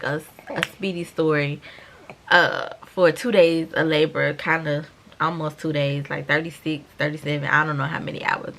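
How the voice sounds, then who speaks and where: Woman, 30s, low gravelly voice, animated storytime vlogger talking straight to viewers. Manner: animated, chatty, addresses viewers as y'all. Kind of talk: storytime vlog.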